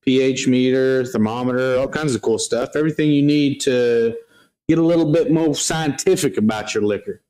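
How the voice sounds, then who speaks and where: A man with a warm, mellow voice co-hosts a relaxed livestream. He jokes about himself and chats loosely with viewers. His pitch is ordinary for a man. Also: normal speed. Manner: joking, self-deprecating banter. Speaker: livestream co-host. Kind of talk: casual livestream chat.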